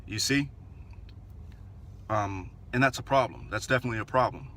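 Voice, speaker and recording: A man's voice: mid-range voice, normal speed, sharp tone, slight background noise. A man talking earnestly to his viewers in casual commentary, repeating phrases and restarting often. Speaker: vlogger.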